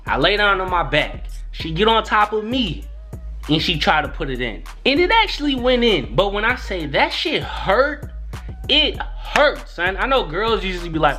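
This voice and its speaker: Young male vlogger, animated slangy storyteller, bright lively voice, light music underneath. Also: high voice, normal speed. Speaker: YouTuber. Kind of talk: casual storytelling.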